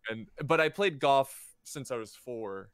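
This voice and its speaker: Smooth-voiced man chatting casually. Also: medium pitch, lively intonation, unhurried, a bit bright, dry recording, clean studio sound. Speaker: podcast guest, YouTuber. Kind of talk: casual chat.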